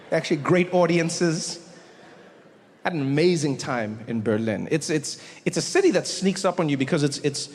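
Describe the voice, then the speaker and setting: A man performing a stand-up comedy set, telling stories with animated impressions. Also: fairly high pitch. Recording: large hall, loud audience, noisy.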